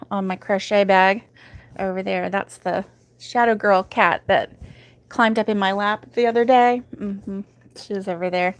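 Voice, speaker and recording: A woman's voice: medium pitch, no echo. Chatty woman crocheting at home. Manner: chatty and giggly, with many ums. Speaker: crochet livestream host. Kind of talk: casual livestream chat reading viewer comments.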